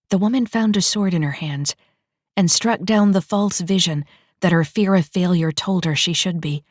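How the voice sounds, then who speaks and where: Low-voiced woman reading an audiobook. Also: no room sound, clean studio sound. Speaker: audiobook narrator. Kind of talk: audiobook narration.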